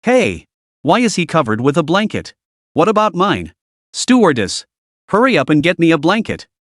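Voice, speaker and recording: A man's voice: on the high side, sing-song, moderate pace, fairly bright tone, no echo, studio quality. A man voicing a rude, demanding, wealthy middle-aged man on a plane in a story read. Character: pushy balding rich middle-aged man.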